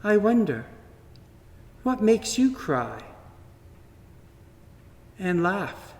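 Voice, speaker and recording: A man slowly and gently reading a children's story aloud at church, in a wondering tone with pauses. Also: high-pitched, very animated, creaky. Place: church sanctuary. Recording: long reverb from a large hall.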